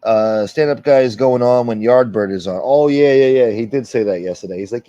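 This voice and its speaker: A man's voice: medium pitch, fairly quick, dark tone, dry recording, lo-fi sound. A man hosting a casual livestream, reading viewer comments aloud in a rambling, sarcastic, heavily profane way. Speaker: livestream host.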